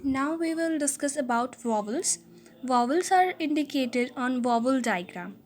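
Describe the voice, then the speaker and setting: A woman teaching a linguistics lesson, explaining slowly and repeating key words, often checking with "okay?". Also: sits high, expressive. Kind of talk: explaining phonetics at a board.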